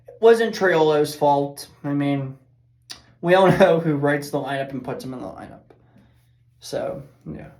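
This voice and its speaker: A woman's voice: sits low, measured pace, darkish tone. A woman giving a casual, rambling, fired-up baseball recap as host of a fan show. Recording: echoey room.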